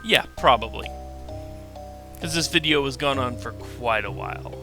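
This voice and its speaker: A man talks casually over gameplay, walking through a puzzle step by step in a relaxed tone. His pitch sits in an ordinary middle range, with game music clearly audible behind him. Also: moderate pace. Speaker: let's play host.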